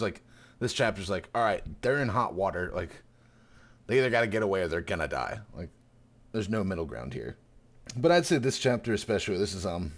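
A man co-hosting a casual podcast, retelling scenes energetically and slipping into quick character voices. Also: deep voice. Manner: animated retelling with put-on voices. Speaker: podcast co-host. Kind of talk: casual chat.

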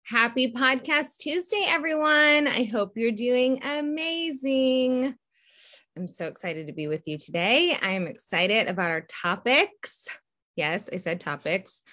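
A woman hosts her own podcast alone and talks to listeners as if to friends. Her voice sits on the low side. She rambles, circles back on her words and laughs softly as she goes. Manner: chatty and rambling, with restarts and soft laughs. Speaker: podcast host and faith coach. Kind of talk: casual solo podcast talk.

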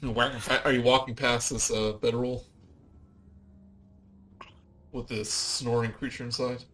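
A man narrating a tabletop game as game master, halting with many fillers, on low-quality home audio. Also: little pitch movement, a bit bright.

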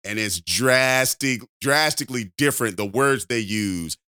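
A man's voice: medium pitch, animated, unhurried, pushed and bright, clean tone, no echo, clean studio sound. A man co-hosting a podcast in casual chat, rambling with repeated words and frequent laughs. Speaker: podcast co-host.

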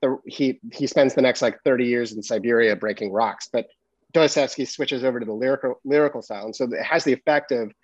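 A young man who is an actor guest, chatting casually on a podcast. He talks thoughtfully and often restarts mid-sentence. His voice sits at an everyday male pitch. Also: brisk, dry recording, lo-fi sound. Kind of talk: casual interview chat.

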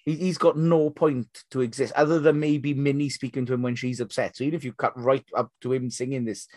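A man co-hosting a casual film podcast over a remote call, animated and swearing casually. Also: medium pitch, brisk, dry recording, clean studio sound. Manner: animated, swears casually, laughs while talking. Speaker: podcast co-host.

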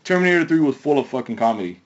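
A man's voice: mid-range voice, animated, rapid-fire, muffled recording. A man co-hosting a casual movie chat, rambling and restarting his sentences. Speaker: podcast co-host.

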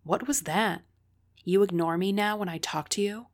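A woman voicing a mean, snide teenage girl who taunts loudly. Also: mid-range voice, moderate pace, voice pushed up, lightly acted. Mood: confronting. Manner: taunting, sharp and loud. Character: mean popular teen girl, snide bully.

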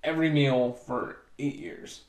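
A man's voice: mid-range voice, lively intonation, measured pace, reverberant. A man co-hosting a podcast in casual banter, easygoing, laughing often and posing the questions. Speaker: podcast co-host.

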